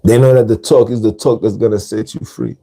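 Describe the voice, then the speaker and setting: A man's voice: fairly low pitch, steady tone, fairly quick, warm tone. A man hosting a podcast, talking casually in street slang and repeating words for emphasis. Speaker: podcast host. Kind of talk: casual monologue.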